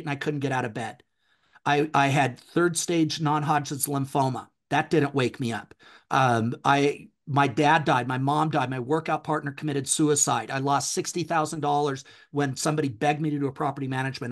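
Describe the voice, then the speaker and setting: Intense man telling a personal story. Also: a little high. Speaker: podcast guest.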